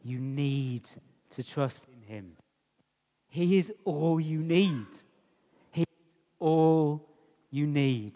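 A man preaching a sermon in a conversational, animated way, asking the congregation rhetorical questions. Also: fairly high pitch, drawn-out words, long pauses. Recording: long reverb of a large hall.

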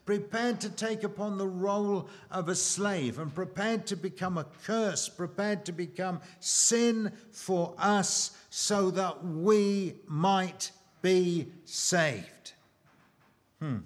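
Slow, emphatic higher-voiced male preacher. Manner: slow and emphatic, with dramatic pauses and rhetorical questions. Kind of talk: sermon.

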